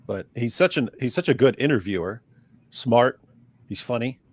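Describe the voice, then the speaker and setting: A man's voice: mid-range voice, lively intonation, normal speed, breathy edge. A man co-hosting a live stream in casual chat, making wry, joking asides. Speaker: livestream co-host.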